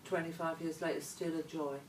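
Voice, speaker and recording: A woman's voice: low-pitched, level tone, a little fast, a little hiss or hum. Chatty woman in an echoey room. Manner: chatty, meandering, trailing asides. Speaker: interview guest, former model. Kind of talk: casual conversational interview. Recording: echoey room, voice picked up from a distance.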